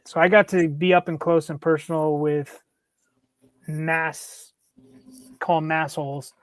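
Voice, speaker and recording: A man's voice: fairly high pitch, measured pace, no room sound. A man in his thirties co-hosting a casual sports podcast, telling stories and acting out quotes. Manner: animated storyteller, acts out quotes. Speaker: podcast co-host.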